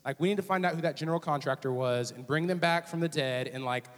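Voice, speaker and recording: A young man preaches in a relaxed, joking way and keeps dropping into little voiced asides. His voice sits fairly high for a man. It rings with long reverb through a church auditorium. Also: fast. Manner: casual, joking, animated storytelling with voiced asides. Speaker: student ministries director preaching. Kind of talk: sermon.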